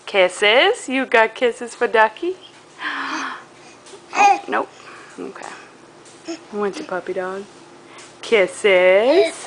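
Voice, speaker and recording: A woman's voice: a little high, lively intonation, drawn-out words, pauses often, fairly bright tone, a little hiss or hum. A woman filming her baby at home, coaxing her in a sing-song baby-talk voice.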